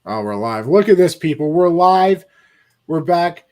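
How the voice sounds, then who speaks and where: A man's voice: a little high, lively intonation, unhurried, a little mellow. A man hosting a casual online mock draft show as its commissioner. He talks in a playful, joking way and shifts into an announcer tone.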